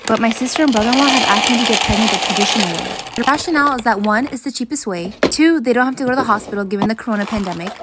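Woman narrator, slightly high, reads stories quickly and steadily. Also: heavy background noise. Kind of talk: reading stories aloud.

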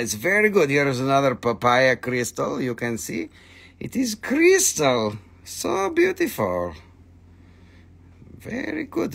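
A man hosting a live crystal sales stream in the shop, talking in a loose, excitable way and squealing with delight at each new price. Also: on the high side. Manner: excitable, squeals "whee" at prices, non-native phrasing. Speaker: livestream crystal seller.

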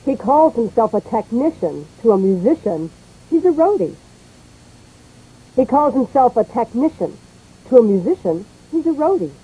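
Woman, fairly high husky voice, pronunciation drill, lo-fi phone-like sound. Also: very animated, normal speed. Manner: clear, repeats each word and line twice. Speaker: English pronunciation teacher.

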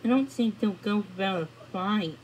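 A woman's voice: medium pitch, moderate pace, darkish tone, slight background noise, lightly acted, rough recording. A sensible, doubtful young pup, read by a woman.

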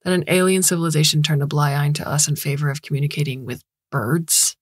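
A woman voicing a dismissive middle-aged male director who talks low and flat. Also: quick pace, husky, dry recording, studio quality. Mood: incredulous.

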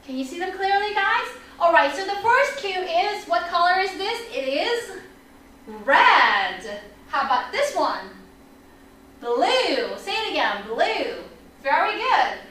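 A woman teaching an online English lesson for children, energetic and upbeat, leading repeat-after-me drills. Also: very high voice, takes it slowly, slight background noise. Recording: echoey room, mic at a distance.

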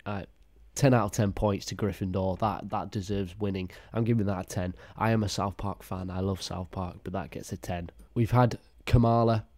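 A man giving crude, mocking reaction commentary with deadpan asides. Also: lowish voice, no room sound. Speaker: YouTube commentator.

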